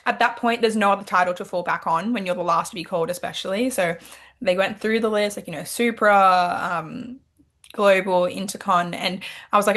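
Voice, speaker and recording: A young woman from Australia talks casually as an interview guest. She tells her story with animated energy, acting out her own past thoughts in quotes. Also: mid-range voice, fairly quick. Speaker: pageant titleholder guest.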